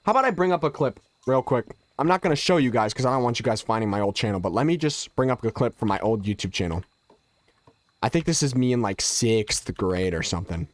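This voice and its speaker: A man chats with his audience while streaming a game, his voice mid-range, expressive and quick, with no room sound. Allergies leave him stuffy and nasal, but he stays relaxed and jokey as he responds to viewers.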